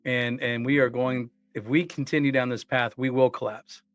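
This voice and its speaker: A man's voice: mid-range voice, little pitch movement, moderate pace, dry recording. A man co-hosting a casual talk show, speaking earnestly and often repeating words as he restarts his sentences. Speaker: co-host. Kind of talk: casual conversational commentary.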